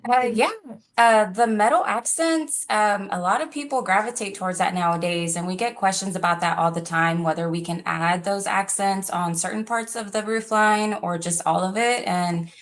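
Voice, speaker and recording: A woman with a mid-range voice speaks as a design consultant on a casual live stream. She explains options in an upbeat, informative way, often pausing with small fillers. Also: mid-range voice.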